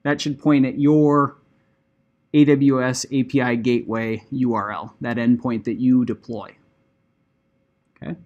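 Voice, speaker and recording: A man's voice: mid-range voice, flat delivery, measured pace, long pauses, narrow, tinny audio. A middle-aged man teaching a class, explaining a project in a casual, conversational way full of "like" and "right?" asides. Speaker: instructor. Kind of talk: classroom lecture.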